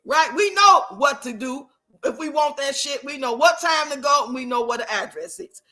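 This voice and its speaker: A woman's voice: sits high, bright, forceful tone. A woman in her fifties hosting a casual commentary vlog, sassy and profane, laughing often as she reads chat comments. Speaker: channel host.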